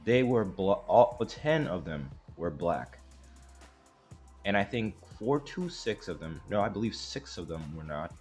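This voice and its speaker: A man with a very deep, low-pitched voice talks through a reaction commentary. He rambles, hesitates and restarts, leaning hard on his points. Faint music plays behind him. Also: very animated, unhurried, darkish tone. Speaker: commentary host.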